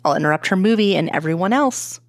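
A woman voicing an excitable, teasing young man who is quick to cry, in a playful and pleading manner. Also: lowish voice, no echo, clean studio sound.

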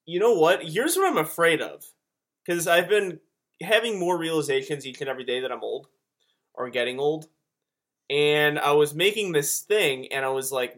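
A man co-hosting a podcast, chatting casually in a rambling, animated way. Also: fairly high pitch, normal speed. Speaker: podcast co-host. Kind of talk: casual chat.

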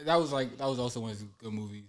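A man's voice: mid-range voice, very fast, a crowd in the background. A man talking casually about making his web series, loose and laughing often. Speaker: web series creator and actor. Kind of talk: casual podcast chat.

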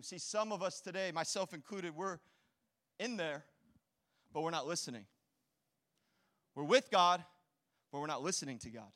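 High, bright-voiced male preacher. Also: moderate pace, long pauses. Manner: animated storytelling, acts out quotes. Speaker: pastor. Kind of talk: sermon. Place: church hall.

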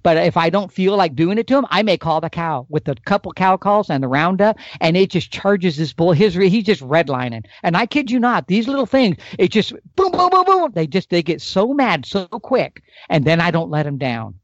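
Guy on a podcast getting all fired up, kinda high voice, dry dull sound. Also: moderate pace, few pauses, dry recording. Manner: excited, emphatic, demonstrates elk calls with his mouth. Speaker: podcast guest, elk calling expert. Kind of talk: animated podcast storytelling.

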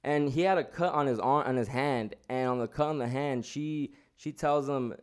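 A man's voice: mid-range voice, normal speed, clean tone. A man telling a story in casual chat, rambling with lots of slang and restarts.

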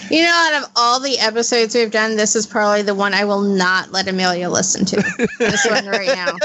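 A woman's voice: mid-range voice, a little fast, background noise. A woman in her thirties chatting on a podcast over a video call, laughing often and telling stories with animation. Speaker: podcast co-host. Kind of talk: casual podcast chat. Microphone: computer mic on a video call.

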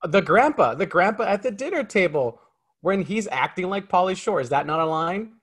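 A man with a fairly high, animated voice that swoops up and down as he talks. He gripes emphatically about a film in casual podcast banter, often sounding exasperated. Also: normal speed, slightly rough. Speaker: podcast co-host. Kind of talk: casual film review chat.

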